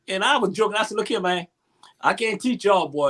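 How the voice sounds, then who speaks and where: Casting: higher-pitched man, earnest, halting, repeats his words, panel talk. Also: lively intonation, fairly bright tone. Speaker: youth basketball coach, co-host.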